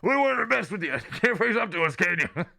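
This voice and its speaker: A swaggering bat bully from a monster game, as a man puts on a gruff wrestler impression, raised in pitch and taunting. The delivery is big and gravelly with lots of swing. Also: very animated, fairly quick, pushed and bright, heavily acted. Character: brash bullying Zubat, wrestler-style impression.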